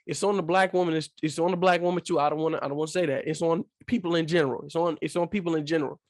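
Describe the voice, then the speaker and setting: Earnest man, fairly high voice, dry sound. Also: steady tone, rapid-fire, no echo. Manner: earnest, repeats key phrases for emphasis. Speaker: podcast co-host. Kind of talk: casual chat.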